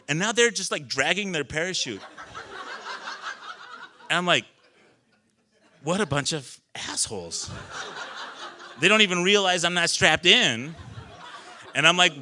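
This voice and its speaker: A man telling a personal story on a small live stage, animated, laughing often and swearing casually. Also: high voice, moderate pace, long pauses, a little hiss or hum.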